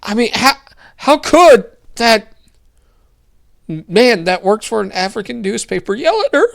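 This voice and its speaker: A man's voice: high-pitched, sing-song, unhurried, vocal fry, fairly bright tone. Young male host, casual political rant, sarcastic, mocking, loose and rambling.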